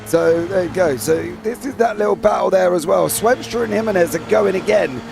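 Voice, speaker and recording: A man's voice: high-pitched, fairly quick, creaky, noisy background. A man giving casual, rambling color commentary on an online sim race.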